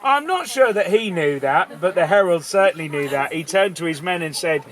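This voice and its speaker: A man's voice: sits high, lively intonation, normal speed, few pauses, fairly bright tone, low-quality recording. A man telling a folk tale live to an audience, playful, theatrical and full of asides. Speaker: storyteller. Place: outdoor festival audience.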